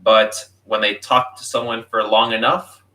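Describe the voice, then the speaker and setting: A man, a guest in a casual conversation, explaining things in a dry, measured way. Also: fairly low pitch, little pitch movement, sharp tone, far from the mic. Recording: voice from farther off the mic.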